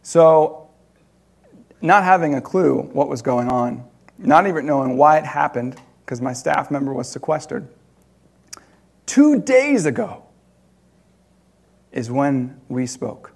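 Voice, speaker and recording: A man preaching, telling a personal story in an animated way with laughter between loud and hushed moments. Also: medium pitch, takes it slowly, creaky, long pauses.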